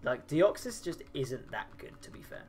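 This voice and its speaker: A man's voice: medium pitch, huge pitch swings, normal speed, creaky, music in the background. A tired man with a medium voice, chatting casually on a gaming livestream, answering chat, swearing, with many ums and restarts. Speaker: streamer.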